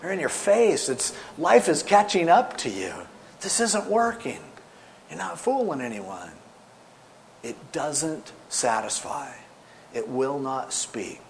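A man preaching a sermon with animated storytelling, swinging between loud emphasis and soft asides. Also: fairly high pitch, slow pace, creaky. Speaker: pastor.

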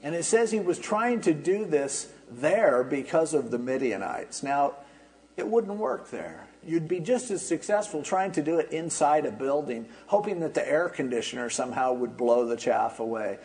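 A man's voice: a little high, animated, normal speed, a little mellow, rough recording. A man pastor preaching an expository sermon, explaining in a conversational way with wry asides.

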